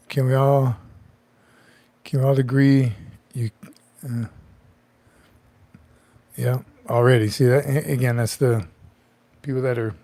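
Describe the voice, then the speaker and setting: A man's voice: mid-range voice, mellow, dry recording. A middle-aged man hosting a casual livestream, chatty, joking and greeting viewers by name. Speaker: livestream host.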